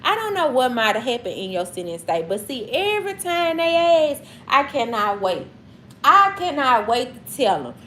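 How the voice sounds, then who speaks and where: A woman's voice: high voice, big pitch swings, normal speed, sharp tone, a little hiss or hum. A woman from Mississippi with a Southern accent, talking casually and emphatically to her livestream chat, repeating herself for effect. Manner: preachy, repetitive, emphatic. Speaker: livestream host.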